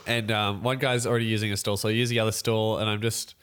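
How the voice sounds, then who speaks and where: A man's voice: lowish voice, clean tone. A young man, telling a story in a casual podcast chat and acting out other people's voices as he goes. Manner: animated storytelling, quick laughs, acts out voices.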